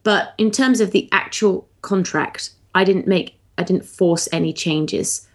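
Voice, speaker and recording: A woman's voice: lowish voice, measured pace. A woman co-hosting a podcast about writing, chatting casually and poking fun at herself. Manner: self-deprecating, lively, laughs easily. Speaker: podcast co-host, poet.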